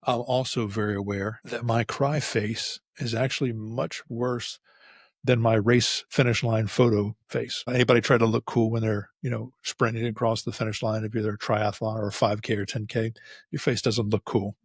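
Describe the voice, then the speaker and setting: Husky and on the low side, a middle-aged podcast host talks at normal speed with little pitch movement through a solo, unscripted episode. He rambles, restarts often and shares stories candidly. Sitting close to the mic and facing the camera, he sounds clean with no room sound.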